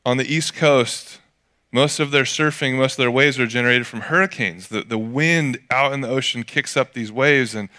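A man from California delivers a sermon with an easygoing, storytelling feel. His voice is bright and forward, with a smooth, clear tone. Middle-aged, he drops in jokey asides as he talks. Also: mid-range voice. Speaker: pastor.

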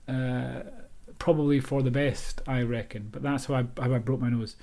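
A man's voice: mid-range voice, fairly even intonation, normal speed, gravelly, mellow. A Scottish author hosting his own podcast, talking alone in a rambling, self-deprecating, chatty way. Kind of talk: casual solo podcast monologue.

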